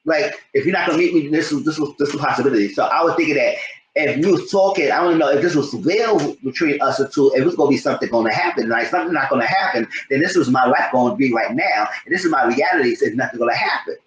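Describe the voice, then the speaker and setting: A man giving a rambling, animated recap of a TV episode in a casual commentary style. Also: mid-range voice, fast talker, a little hiss or hum. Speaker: TV show reviewer. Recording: roomy echo.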